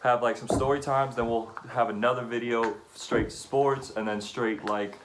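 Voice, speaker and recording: A man's voice: medium pitch, moderate pace, slight background noise. A young man co-hosting a podcast, telling a story in casual chat with laughter and swearing. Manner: laughing, profane, animated storyteller. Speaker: podcast co-host.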